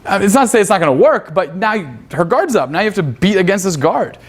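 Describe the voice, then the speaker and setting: Man, seminar instructor, slightly high voice, foul-mouthed, quizzes class, acts out lines. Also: very animated, fast. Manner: profane, quizzes students, acts out pickup lines. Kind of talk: crude live teaching.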